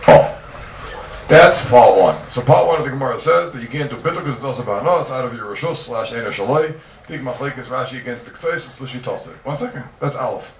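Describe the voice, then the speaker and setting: A man teaching a yeshiva-style Talmud class to students, animated and firing rhetorical questions at them. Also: medium pitch. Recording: roomy, distant mic, noisy ambience.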